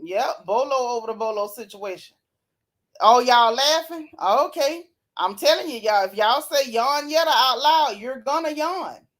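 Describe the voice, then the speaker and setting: Live-stream host, woman, sassy and animated, slightly high voice. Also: unhurried. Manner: sassy, animated, Southern Black vernacular gossip; yawns and laughs often. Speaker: reality TV recap host reading live chat. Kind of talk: casual live-stream chat.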